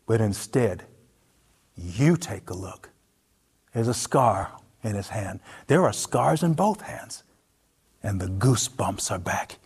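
A man narrating a story in the second person, in an expressive, intimate, vivid way. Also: fairly low pitch, slow pace, slightly rough.

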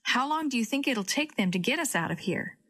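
A woman voicing an eager high young boy. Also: animated, fairly quick, fairly bright tone, husky. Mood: excited. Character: anxious excited young boy.

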